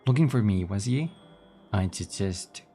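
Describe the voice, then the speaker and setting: A man voicing a jovial, burly, rough-spoken sailor who says "ye" and "me". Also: fairly low pitch, lively intonation, unhurried, mellow, faint music behind. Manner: folksy, dropped words like "ye" and "me head".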